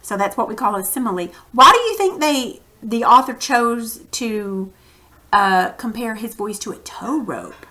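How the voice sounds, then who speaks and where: A woman with a slightly high voice keeps a measured pace as she teaches a reading lesson to children. The lesson is recorded with a computer mic, and she animatedly performs the quoted lines.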